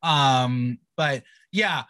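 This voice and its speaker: A man hosting a podcast who recaps an episode in casual chat, quick and playfully sarcastic. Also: medium pitch, bright, forceful tone, no echo. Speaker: podcast host.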